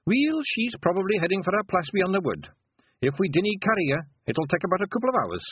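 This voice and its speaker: A man voicing a tiny, fierce fairy warrior with a Scottish accent, excitable and shouty. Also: high-pitched, fast talker, slightly rough, no room sound, pitched above the performer's own voice, exaggerated voice. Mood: brisk. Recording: tinny phone-like sound.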